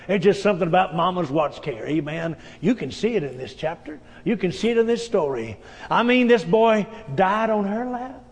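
High-voiced preacher in a reverberant hall. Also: male voice. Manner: folksy storytelling preacher, frequent amens. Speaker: pastor. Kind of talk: sermon.

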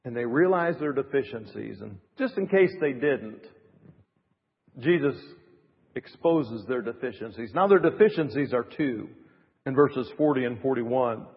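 A middle-aged man preaching a sermon as pastor, building to emphatic rising phrases and dropping to soft asides. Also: medium pitch, lively intonation, measured pace. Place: church. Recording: reverberant, dull church recording.

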